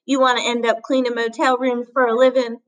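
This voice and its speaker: A woman's voice: on the high side, little pitch movement, brisk, voice pushed up, lightly acted, rough recording. A woman reading a blunt, scolding motel cleaner. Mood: stern. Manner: blunt, scolding, plain-spoken.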